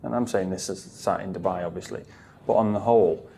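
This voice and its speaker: A man's voice: sits low, fairly even intonation, a little fast, dark tone, a little hiss or hum. Man chatting dryly. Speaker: podcast co-host. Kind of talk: casual podcast chat. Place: Dubai.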